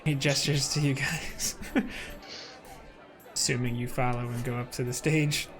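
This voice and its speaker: A man's voice: mid-range voice, fairly even intonation, a little slow, a bit bright, soft background music. A man narrating a tabletop game as game master, rambling with many fillers.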